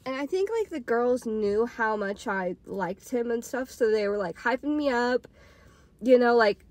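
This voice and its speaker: Young woman in her twenties, raised pitch, dry close sound, rambling casual storytime full of "like.". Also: lively intonation, a little slow, no room sound. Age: 20s. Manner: rambling, filler-heavy with frequent "like". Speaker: podcaster and storytime vlogger.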